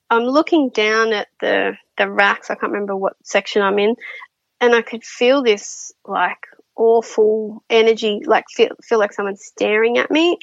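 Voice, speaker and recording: A woman's voice: on the high side, gravelly, no echo, lo-fi sound. Chatty woman telling stories. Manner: chatty, many fillers and restarts, laughs often. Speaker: guest. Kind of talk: casual interview storytelling.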